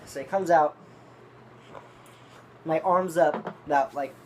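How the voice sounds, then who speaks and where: A man's voice: on the high side, slow, darkish tone, a little hiss or hum. A man telling a long, rambling story in casual, profanity-laden talk, reviewing dip tobacco. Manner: rambling, profane, restarts often.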